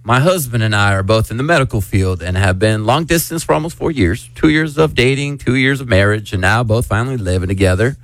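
A man's voice: medium pitch, a little fast, hardly any pauses, no room sound. A man hosting a radio morning show, joking with co-hosts and reading listener letters aloud. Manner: upbeat, joking. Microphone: studio microphone. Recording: dry studio sound.

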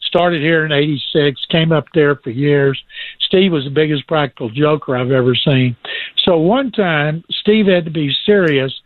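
A man spinning lively sports anecdotes as a guest, doing quick impressions of the people in them. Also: fairly high pitch, no echo. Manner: lively, imitates people in his stories. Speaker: guest recounting sports stories. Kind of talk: anecdotal storytelling. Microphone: phone. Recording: tinny phone line.

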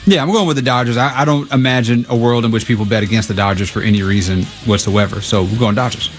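A man's voice: medium pitch, fast, faint music behind. Easygoing male radio guest. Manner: easygoing, agreeable. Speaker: guest picking games. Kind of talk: casual sports radio chat.

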